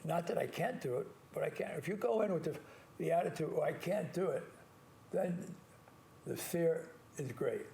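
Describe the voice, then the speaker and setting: An older man with a gravelly, creaky voice sitting a little high, talking as a priest on his own call-in show. He leans on single words, slows right down to stress them, and restarts himself often. A faint low rumble sits under the recording. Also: lively intonation, mellow. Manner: earnest, repetitive, stresses key words slowly, with frequent restarts. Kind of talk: call-in show monologue, motivational advice.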